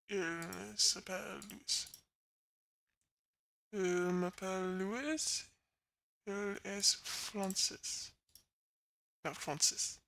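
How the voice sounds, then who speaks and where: Her voice is lowish, gravelly and bright, with a forceful edge. Streaming live from her bedroom, she talks casually to her viewers, chatting with them and giggling a lot.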